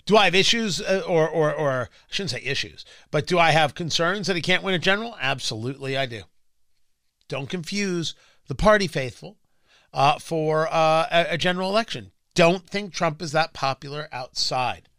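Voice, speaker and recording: A man's voice: fairly high pitch, bright, forceful tone, no echo, studio quality. A man hosting political talk radio, emphatic and sarcastic, sometimes mocking other voices. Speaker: radio talk show host.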